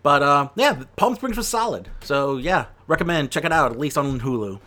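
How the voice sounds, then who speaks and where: A man's voice: a little high, animated, normal speed, noisy background. A man giving a casual spoken film review, chatty and rambling, with lots of fillers and self-corrections. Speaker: movie reviewer.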